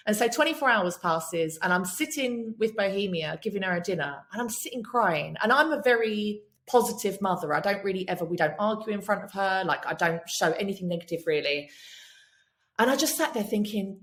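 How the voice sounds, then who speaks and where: A woman's voice: medium pitch, expressive, fairly quick, a bit bright. A woman guesting on a podcast, telling personal stories in a candid, emphatic way and swearing freely. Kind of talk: candid storytelling chat.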